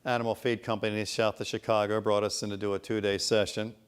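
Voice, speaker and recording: A man with a somewhat low voice presents at a business conference. He talks as a consultant, telling anecdotes in a loose, conversational way with rhetorical asides to the audience. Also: little pitch movement, fast, smooth.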